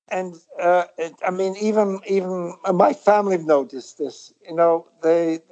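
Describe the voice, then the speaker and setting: A middle-aged man from Britain speaks as an interview guest. He thinks aloud in a reflective, rambling way and often stops to restart his sentences. His talk is casual and unhurried. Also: sits high, steady tone, darkish tone, lo-fi sound. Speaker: guest musician.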